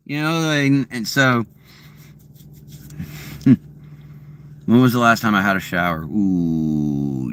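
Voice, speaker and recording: A man in his late thirties streams from home, chatting loosely and answering viewers' questions. He wanders off topic, restarts sentences, uses plenty of fillers, and laughs frequently, in a low-pitched, slightly bright voice.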